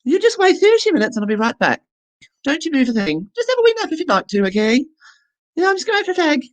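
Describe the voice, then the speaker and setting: A fussy, chatty beautician lady, put on in a high voice by the storyteller. She fusses and soothes in a sing-song way that leaps up and down. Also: wildly swooping pitch, quick pace. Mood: breezy.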